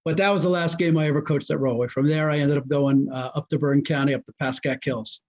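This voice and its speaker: A fast-talking former high school football coach from New Jersey, his voice a bit high for a man, tells coaching stories as a guest in a casual interview. He's animated, slipping into the voices of those he quotes, and the audio is muffled and lo-fi.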